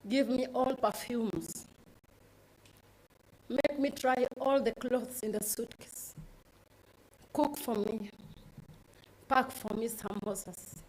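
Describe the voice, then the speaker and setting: A woman with a Kenyan accent giving a halting, emotional public speech. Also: fairly high pitch, a little mellow, rough recording. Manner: slow, halting, collecting herself. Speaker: guest of honour giving a speech.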